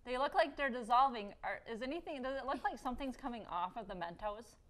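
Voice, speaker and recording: Playful, higher-voiced woman teaching science. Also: expressive, fast talker, a bit bright. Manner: playful questioning teacher who laughs often. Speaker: science show host. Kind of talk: hands-on science demonstration for a young assistant.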